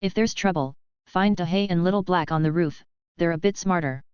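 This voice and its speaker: Cold blunt young guy giving orders, curt and offhand, woman narrator reading him, lowish smooth voice. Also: fairly quick, a little mellow, no echo, muffled recording, natural voice.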